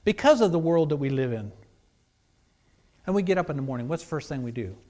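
Man preaching a sermon, high voice, hushed then emphatic, pastor. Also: animated, fast.

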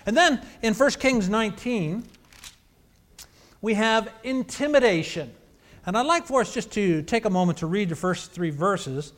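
A man's voice: sits high, lively intonation, unhurried, fairly bright tone. A man preaching a sermon, telling a scripture account in a conversational, storytelling way.

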